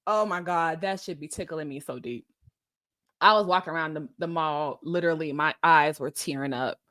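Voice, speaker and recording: Bright-voiced woman hosting a live chat. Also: low voice, moderate pace, dry recording. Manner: animated, laughs often, greets viewers by name. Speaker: live stream host. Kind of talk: casual live stream chat.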